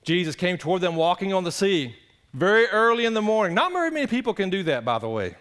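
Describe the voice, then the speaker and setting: A man preaching a sermon, animated and conversational, swinging between loud exclamations and hushed earnest passages. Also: sits high, fast. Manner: conversational, addresses the congregation directly. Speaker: pastor.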